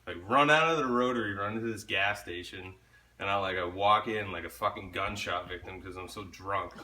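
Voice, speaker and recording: A man's voice: sits low, normal speed, pushed and bright. A young man telling a story in casual chat, laid-back, swearing often and laughing along.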